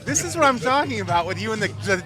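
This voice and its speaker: A man's voice: high voice, very animated, fast, music in the background. Dry-witted man in a bar. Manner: dry wisecracks and interruptions. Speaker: podcast co-host. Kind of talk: casual banter. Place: bar during a football game.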